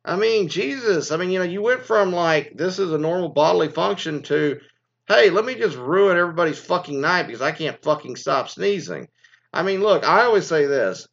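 A man giving a rambling, profane commentary, swinging between loud outbursts and low mutters. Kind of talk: ranting casual commentary. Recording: dull lo-fi recording.

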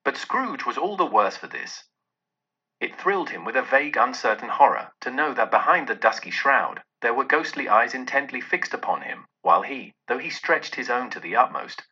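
A man's voice: medium pitch, normal speed, breathy edge. A man giving a dramatic, theatrical storybook narration on a dull lo-fi recording. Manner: theatrical, expressive.

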